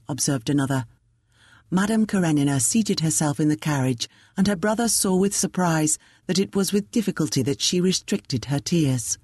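A woman narrating a classic novel as an audiobook, measured and even. Her voice is low and slightly husky, and the recording is close and dry with no room sound. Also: dry recording.

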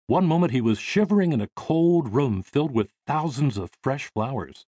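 A man's voice: medium pitch, expressive, normal speed, warm tone, husky, no room sound. A man reading an audiobook aloud as the narrator, telling the story expressively on a close mic.

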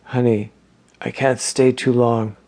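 A male narrator voices a gentle, quiet man who speaks tenderly to his partner. The voice stays in a middle pitch. The pace is slow and hushed. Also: flat delivery. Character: calm gentle male partner, a ghostly visitor.

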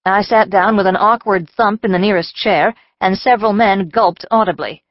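A woman's voice: medium pitch, moderate pace, dry recording. Woman audiobook narrator, wry first-person storytelling, dry close sound, slightly dull audio.

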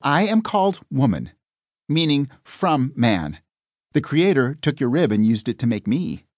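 A man's voice: medium pitch, big pitch swings, a little slow, no echo, pitched above the performer's own voice. A man voicing a prim, courteous young woman in an audiobook, speaking with formal phrasing. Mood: explaining.

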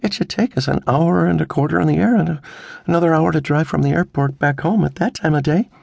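A man's voice: on the high side, quick pace, gravelly, darkish tone, no echo, voice pushed up. A man voicing a nervous young adult daughter who pleads earnestly.

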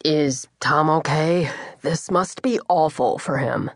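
A woman with a low-pitched voice performs an audiobook character, an adult man who is a joking, dramatic twin brother teasing his sister. Her slow delivery is heavily acted, teasing and theatrical, recorded in a dry studio.

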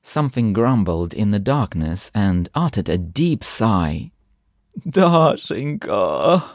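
A man's voice: on the low side, very animated, measured pace, darkish tone, no room sound, studio quality. A man voicing a frightened man who moans and stammers breathlessly, begging for help. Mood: moaning, pleading. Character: panicked, pleading frightened man.

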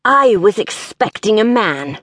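A sour, gravelly old woman of wealth who looks down on everyone, put on by a woman reading an audiobook. She clips her words and drawls them out with contempt. The recording is dry and close. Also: mid-range voice, sing-song, fairly bright tone, no echo. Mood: curt. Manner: curt, disdainful, slow enunciation. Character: haughty gray-haired old rich woman.

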